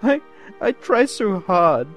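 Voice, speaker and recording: A man voicing a distraught, drunk female pony princess who sobs and wails in a high voice. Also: big pitch swings, slow pace, faint music behind, exaggerated voice. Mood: wailing. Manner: high wailing voice, sobbing.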